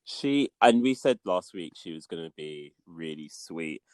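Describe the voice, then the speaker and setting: Very low, hesitant voice. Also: lively intonation, unhurried, no echo. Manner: hesitant, many ums and restarts, soft-spoken. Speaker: podcast co-host. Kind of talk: casual chat.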